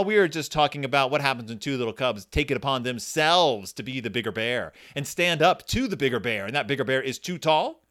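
A man's voice: mid-range voice, lively intonation, a little fast, a bit bright. A man hosting a podcast and chatting casually about a children's book in a playful, jokey way. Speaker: podcast host.

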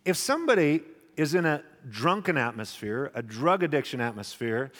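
A man delivers a sermon in a voice that sits slightly high for a man. He tells personal stories with animation and slips into the voices of the people in them. The sound carries a long reverb, as in a large hall. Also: normal speed. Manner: animated storyteller, acts out voices. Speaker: pastor.

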